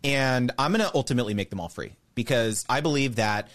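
A man being interviewed on a podcast, explaining step by step in an animated way. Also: medium pitch, fast. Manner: animated, explains step by step, mimics others' voices. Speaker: guest, creator business educator.

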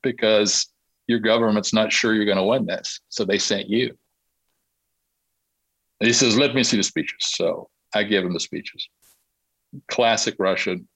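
A middle-aged man, a guest on an interview podcast, telling a story in a casual, animated way and acting out the dialogue. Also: on the low side, measured pace, vocal fry, long pauses, breathy edge, no echo, poor audio. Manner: animated anecdote-telling, acts out quoted dialogue. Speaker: interview guest, Olympic marketing consultant.

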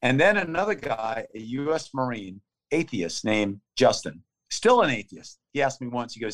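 A man in his fifties being interviewed, telling a story in urgent, clipped phrases that come out in a fast play-by-play. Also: mid-range voice, big pitch swings, fairly bright tone. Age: 50s. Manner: vivid, urgent play-by-play retelling of combat. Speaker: interview guest. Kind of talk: conversational storytelling.

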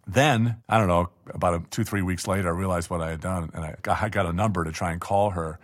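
A man's voice: low-pitched, fairly even intonation, fast. Chatty self-deprecating man telling a story. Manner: chatty, self-deprecating, frequent restarts and laughs. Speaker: guest telling a personal story. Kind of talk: casual storytelling interview.

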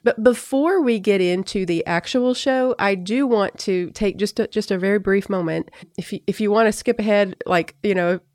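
A woman hosting a podcast in casual chat, talking fast with frequent restarts and easy laughter. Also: mid-range voice, darkish tone, no echo, studio quality. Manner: chatty, restarts often, laughs easily. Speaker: podcast host.

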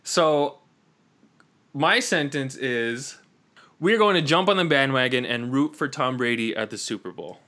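An American man hosts a relaxed podcast interview over a remote call. His voice is bright and forward, and he keeps pausing, restarting and filling gaps with "uh" and "you know". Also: medium pitch. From United States. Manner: hesitant, many fillers and restarts. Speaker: podcast host. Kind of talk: casual interview chat.

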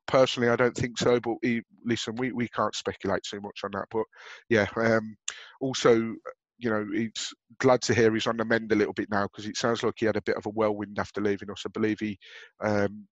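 A man's voice: fairly low pitch, dry recording, muffled recording. Brummie guy cohosting a footy podcast, rambly, lots of ums, dry sound. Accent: Birmingham. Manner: chatty, rambling with restarts and fillers. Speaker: podcast co-host. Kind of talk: casual football podcast chat.

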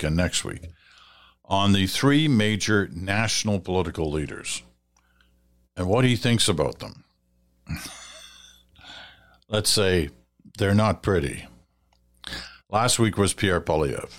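A man with a very low voice hosts a radio feedback segment and works through listener letters. He talks in a measured, advising way, now and then pausing on fillers or restarting a phrase. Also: lively intonation. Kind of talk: conversational radio commentary.

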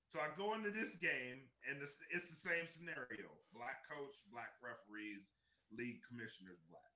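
Bright, animated man in a roomy room. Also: mid-range voice, moderate pace. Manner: animated storytelling, heavy swearing. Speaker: podcast co-host. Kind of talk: casual chat.

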